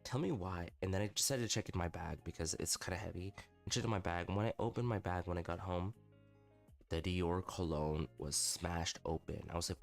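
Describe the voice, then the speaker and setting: Deep-voiced young man telling stories. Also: moderate pace, gravelly, faint music behind. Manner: candid, swearing, self-mocking. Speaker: livestreamer. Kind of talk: casual storytelling stream.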